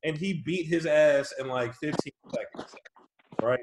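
A man's voice: fairly high pitch, unhurried, background noise. Man telling profane stories in an echoey room. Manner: animated, profane storytelling with frequent laughs. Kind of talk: casual chat. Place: his office.

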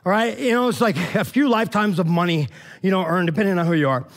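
Man, pastor, high voice, casual sermon, slangy, chatty, loose restarts. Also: fast.

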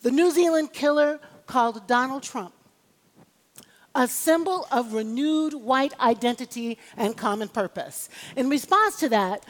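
A woman's voice: high-pitched, measured pace. A woman preacher delivering an emphatic, rhythmic sermon and calling on the congregation for amens. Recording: long reverb of a large hall.

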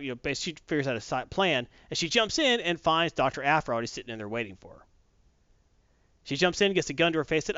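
Brief: lively storytelling male co-host, voice leaps around, dull, dry sound. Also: on the high side, fast talker, clean tone, dry recording. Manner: animated retelling, acts out characters. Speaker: podcast co-host. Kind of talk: casual chat.

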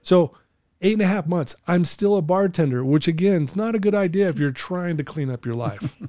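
Mellow-voiced man telling his story. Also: high voice, expressive, fairly quick, no echo, clean studio sound. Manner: earnest, emotional storyteller who laughs easily. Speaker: recovery coach and podcast guest. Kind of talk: personal storytelling in a podcast interview.

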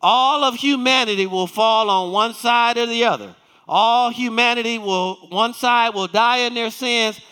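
A man's voice: sits high, pushed and bright, long reverb tail. A male pastor preaching a sermon, reading scripture and asking the congregation questions. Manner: reads scripture aloud with emphatic, slowed quotes. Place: church sanctuary.

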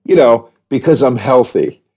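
A podcast host with a medium-pitched, slightly mellow voice rambles through a casual monologue. He keeps restarting and fills his speech with fillers, especially "like."

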